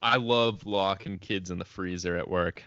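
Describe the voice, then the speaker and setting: A man's voice: low-pitched, fairly even intonation, normal speed, sharp tone, no echo. A young man co-hosting a casual podcast, laid-back and joking as he starts his story. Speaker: podcast co-host. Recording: dry, dull lo-fi audio.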